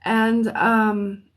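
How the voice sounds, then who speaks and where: A woman chats easily with her viewers as host of a livestream of readings. Her voice sits somewhat high, and she speaks at a slow, drawn-out pace. She pauses often, filling the gaps with "um," in a friendly, unhurried way. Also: a little hiss or hum. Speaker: host and psychic reader. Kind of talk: casual livestream chat.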